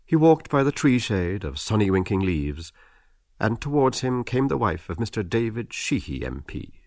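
A man narrating an audiobook in a measured, expressive literary reading. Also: on the low side, dry recording, clean studio sound. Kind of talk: scripted narration.

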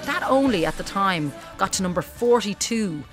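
A woman hosting a radio show, chatting in a relaxed, upbeat way and reading out listener texts. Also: mid-range voice, moderate pace, over music. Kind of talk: casual radio chat. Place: radio studio.

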